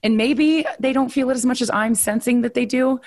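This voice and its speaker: A woman's voice: a little high, brisk, darkish tone. A woman hosting a podcast who talks candidly in a casual conversation and openly doubts herself. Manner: candid, self-doubting, emotional. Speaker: podcast host.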